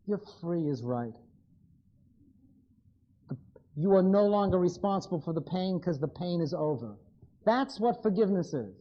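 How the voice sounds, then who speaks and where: A man's voice: high voice, lo-fi sound. A man giving a live lecture, blunt and wry, speaking straight to his audience.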